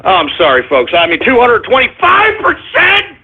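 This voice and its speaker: A male talk radio host delivering an excitable, flustered monologue, often stumbling and apologizing. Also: extremely high pitch, a little slow, husky. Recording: phone-like lo-fi radio sound.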